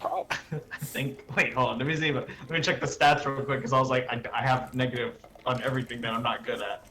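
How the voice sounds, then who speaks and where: A man playing a tabletop game, excitable and quick to swear. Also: mid-range voice. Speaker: player.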